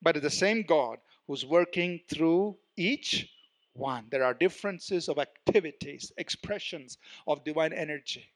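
A man preaching a sermon, teaching verse by verse, swinging from loud emphasis to soft, low asides and asking his listeners "Amen?". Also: a little slow.

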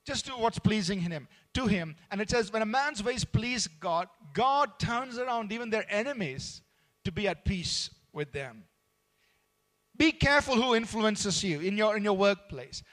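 A man's voice: high voice, animated, moderate pace, fairly bright tone. A man preaching in a conversational, earnest way, with frequent fillers and restarts. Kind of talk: sermon on workplace conduct.

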